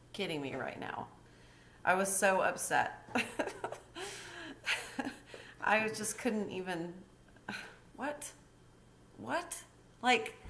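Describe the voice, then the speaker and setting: Woman, life coach, personal vlog story, low voice, candid, chatty, faint background noise. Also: fairly bright tone. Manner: candid, chatty, breaks into laughs.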